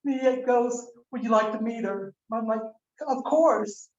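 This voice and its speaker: A woman's voice: a little high, measured pace. An older woman giving a eulogy as the mother-in-law, telling a rambling, candid story and acting out the quoted dialogue. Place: memorial service room. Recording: roomy, muffled video-call audio.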